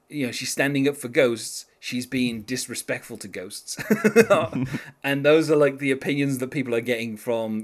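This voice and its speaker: A man talking casually as a podcast co-host, rambling with lots of fillers and restarts and laughing now and then. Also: mid-range voice. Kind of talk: casual chat.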